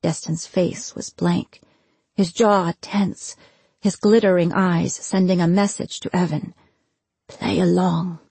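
A woman narrating a fantasy audiobook in a measured, steady way. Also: fairly low pitch, breathy edge, dry recording.

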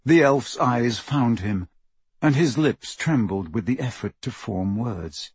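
A man narrating an audiobook in a measured, somber way on a close studio mic. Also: medium pitch, expressive, slightly rough, dry recording.

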